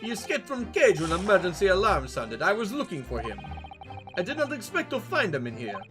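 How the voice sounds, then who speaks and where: A man's voice: sits high, huge pitch swings, a little fast, music in the background. A man reading game dialogue aloud, voicing a burly foreign male sailor who speaks blunt, broken English. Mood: indignant.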